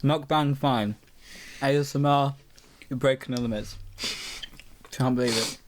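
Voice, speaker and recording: A man's voice: mid-range voice, fairly even intonation, unhurried. Young guy rambling with a mouthful. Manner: rambling, swears casually, eating while talking. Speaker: podcast host. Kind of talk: casual chat.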